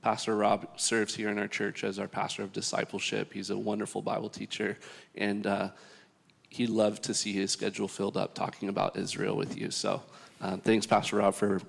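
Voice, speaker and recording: A man hosting a church panel in a relaxed, easygoing way, often pausing on fillers. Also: lowish voice, vocal fry, in a large hall. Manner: easygoing, filler-heavy, laughing. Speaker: church host leading a panel.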